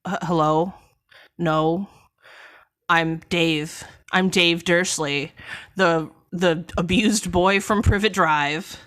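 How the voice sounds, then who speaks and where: A bewildered young wizard boy with a dropped, deep voice, stammering and lost, as a woman acts him out. He talks slowly and flatly. He sounds a few steps lower than the woman's own voice.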